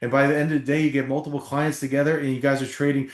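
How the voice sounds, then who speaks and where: A man's voice: mid-range voice, racing, echoey room. A middle-aged man from New Jersey, a former football player, telling emphatic stories as a podcast guest. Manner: animated storyteller, emphatic, swears casually. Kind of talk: storytelling interview.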